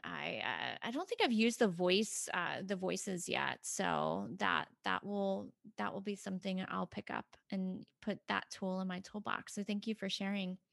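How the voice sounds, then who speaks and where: A woman's voice: medium pitch, a little slow, vocal fry, few pauses, a bit bright, no room sound, clean studio sound. A woman hosting a podcast interview, affirming her guest and asking multi-part questions. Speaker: podcast host. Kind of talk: interview conversation.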